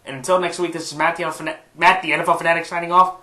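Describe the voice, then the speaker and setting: A man's voice: on the high side, little pitch movement, racing, bright, forceful tone. Stuffy-nosed man in an echoey room. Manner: rambling, with frequent fillers and restarts. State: stuffed-up nose. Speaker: sports picks YouTuber. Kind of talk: casual sports prediction monologue.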